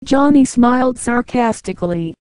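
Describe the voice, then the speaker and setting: A woman reading a novel aloud as an audiobook narrator, in a measured, even way, dropping lower for the men's lines. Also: smooth, dry recording, rough recording. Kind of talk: audiobook narration with light character voices.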